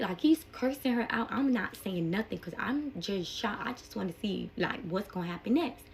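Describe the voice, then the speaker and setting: A young adult woman telling a personal story in a casual storytime vlog, animated and emotional, with plenty of slang. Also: medium pitch, moderate pace.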